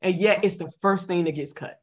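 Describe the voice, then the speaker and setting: A woman's voice: on the low side, fairly quick. A woman in her thirties, co-hosting a podcast in casual chat, telling stories with lots of laughter and energy. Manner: animated storyteller, laughs often. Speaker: podcast co-host.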